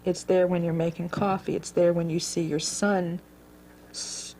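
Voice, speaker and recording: A woman in her forties telling her own life story in an earnest, halting way, repeating words as she goes. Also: on the low side, little pitch movement, warm tone, slight background noise. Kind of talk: personal storytelling.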